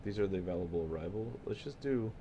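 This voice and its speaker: Lively laid-back male streamer. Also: sits low, fast, dull audio, background noise. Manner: laid-back, joking, thinking aloud. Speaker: flight sim streamer. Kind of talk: casual live-stream chat.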